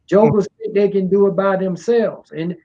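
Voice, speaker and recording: With fairly even intonation and normal speed, a middle-aged Washington, D.C. music promoter talks as a guest in a casual interview. His voice is a little high for a man, his drawl soft, and his rambling speech full of "you know," over muffled, dull, low-fidelity audio.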